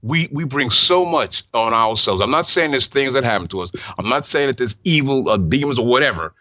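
A man's voice: medium pitch, lively intonation, a little fast, bright, forceful tone, dry recording. Male Christian radio host, heartfelt, stammers, dry close sound. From New York. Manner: earnest, heartfelt testimony with stammered restarts. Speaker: radio talk show host. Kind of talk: Christian call-in radio talk. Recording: muffled broadcast audio.

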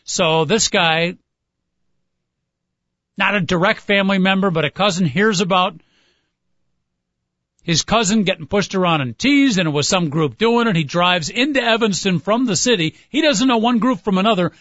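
A man's voice: sits high, moderate pace, long pauses, fairly bright tone, no echo. Earnest man on dull lo-fi radio audio. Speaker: radio show co-host. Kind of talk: sports talk radio chat. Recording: dull lo-fi, dry.

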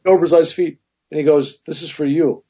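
Husky man telling rambling stories. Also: on the high side, fairly quick, dull audio. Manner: rambling, animated anecdotes with many "right?" asides. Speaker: guest. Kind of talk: casual storytelling interview.

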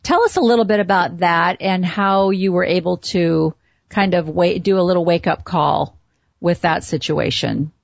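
A woman's voice: on the low side, moderate pace, vocal fry, no echo. A woman hosts the interview, her voice a little dull and lo-fi on a dry line. Her questions wander and restart as she goes. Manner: rambling questions with many restarts. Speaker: interview host.

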